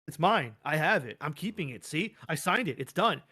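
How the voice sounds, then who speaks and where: A man's voice: on the high side, big pitch swings, moderate pace, sharp tone, slightly rough, full character voice. A man voicing a petulant, whiny woman wrestler in a sing-song mocking impression. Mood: whiny, defiant.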